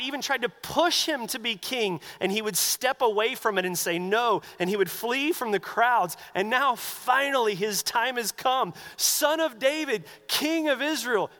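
A man preaching a sermon as pastor, animated and acting out the voices he quotes. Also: sits high, long reverb tail.

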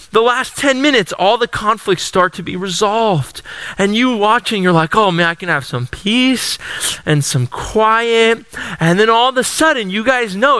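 A young adult man preaching a sermon, telling the story in an animated, dramatic way and acting out the voices of the people in it. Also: high-pitched, smooth, no echo, low-quality recording. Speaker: pastor.

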